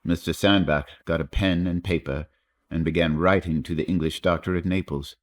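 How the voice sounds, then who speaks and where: A man narrating a classic novella in a measured, literary storytelling manner. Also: low voice, steady tone. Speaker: audiobook narrator. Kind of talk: scripted narration.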